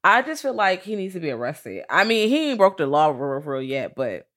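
Animated low-voiced woman co-host. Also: brisk. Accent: Southern US. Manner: animated, swears freely, acts out quotes. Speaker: podcast co-host. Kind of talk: casual chat.

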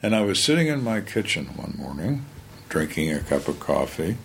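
An older man with a fairly low voice tells his stories in a plainspoken, blunt way. He often stops and restarts mid-sentence, and faint background noise sits under his voice. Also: sing-song, moderate pace. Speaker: retired police lieutenant. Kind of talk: storytelling in a conversation.

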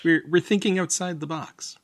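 A man's voice: on the high side, steady tone, moderate pace, no echo, clean studio sound. A man on a casual panel, speaking fondly and with enthusiasm.

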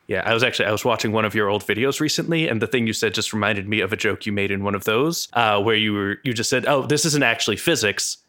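A man's voice: fairly low pitch, quick pace, few pauses, sharp tone. A man co-hosting a podcast, talking casually and hedging a lot, with many restarts. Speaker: podcast co-host.

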